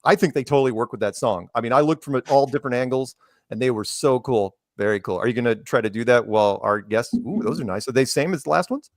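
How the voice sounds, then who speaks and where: A man's voice: medium pitch, fast talker, dry recording, clean studio sound. A man hosting a casual talk show, telling a teasing made-up story about his guests. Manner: teasing storyteller, quotes people in put-on voices. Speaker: podcast host. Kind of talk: casual chat.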